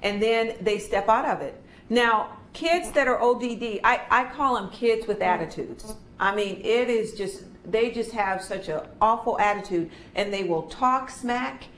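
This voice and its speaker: A woman's voice: a little high, unhurried, a bit bright. A woman leading a training workshop who talks through her stories and acts out the children's voices as she goes. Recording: echoey room with faint noise.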